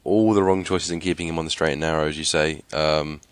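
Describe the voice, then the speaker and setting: A man's voice: very deep voice, fairly even intonation, fairly quick, smooth, dry recording. A young man co-hosting a casual TV recap podcast, chatty, with frequent fillers and laughs. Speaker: podcast co-host.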